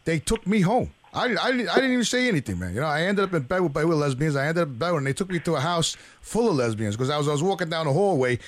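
Middle-aged man, audience member, rapid talk, slightly high voice, rambling crude storyteller. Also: very animated. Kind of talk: casual chat.

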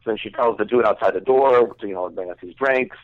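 A man's voice: lowish voice, fast. A young man telling a crude, rambling story in casual chat, full of fillers. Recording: dry tinny phone-like sound.

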